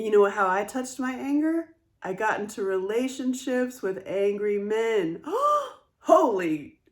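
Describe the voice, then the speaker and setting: A woman speaking candidly in a casual monologue as a trauma advocate, animated and swearing freely. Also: medium pitch.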